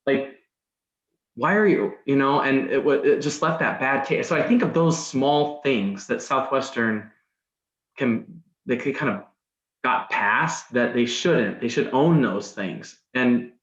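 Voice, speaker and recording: A man's voice: medium pitch, measured pace. A man guest on a podcast, telling a story casually, rambling, with many restarts and "like"s. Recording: roomy, dull sound.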